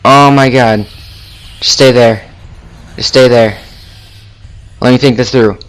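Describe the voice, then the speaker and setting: A man's voice: medium pitch, steady tone, takes it slowly. A man giving horror game commentary, jumpy and gasping, swearing and taunting the monster. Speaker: gaming video creator.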